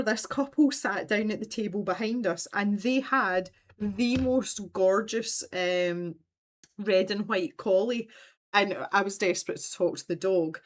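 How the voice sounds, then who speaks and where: A woman hosting a casual craft livestream, telling long, rambling stories and reading out viewer comments. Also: mid-range voice. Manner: rambling, chatty storytelling, reads out viewer comments.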